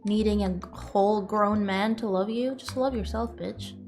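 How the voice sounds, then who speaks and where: A woman's voice: mid-range voice, moderate pace, a little mellow, soft background music. A young woman streaming, chatting casually with viewers in a self-mocking, laughing way.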